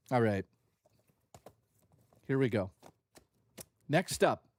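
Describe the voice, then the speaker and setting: A man's voice: medium pitch, no echo, studio quality. A man hosting a livestream, talking in a casual, jokey and profane way. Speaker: livestream host.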